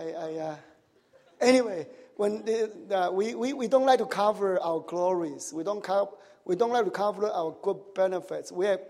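Male pastor, high voice, sermon with questions to the room, tags like "right?", nonnative grammar, big hall reverb. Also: a little mellow.

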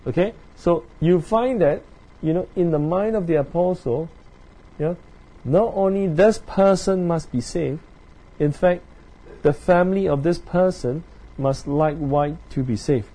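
A man leads a Bible study, his voice a little higher than most but soft and mellow in tone. He stumbles over fillers and restarts as he goes. He keeps asking his listeners "yeah?" and "right?" to check they are following. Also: poor audio. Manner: halting, many fillers and repeated tag questions. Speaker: preacher. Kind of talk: Bible teaching.

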